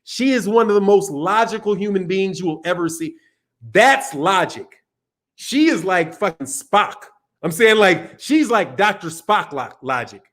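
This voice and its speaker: A man's voice: high-pitched, animated, unhurried, fairly bright tone. A man hosting a casual live stream, talking loosely and rambling, dropping slang like dog and man while he reads viewer chat. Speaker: boxing channel host.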